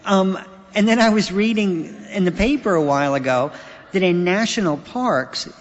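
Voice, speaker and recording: A middle-aged man telling wry anecdotes as a guest speaker on a festival stage, halting with fillers. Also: sits high. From United States. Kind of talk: stage talk at a writers festival. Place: large hall on stage. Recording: dull lo-fi audio with long hall reverb.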